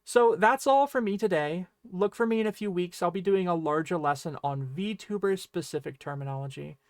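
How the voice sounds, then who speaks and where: Male online language teacher, high voice, friendly and explanatory, dry close sound. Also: normal speed, no echo. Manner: friendly explaining, often checking in with "right?".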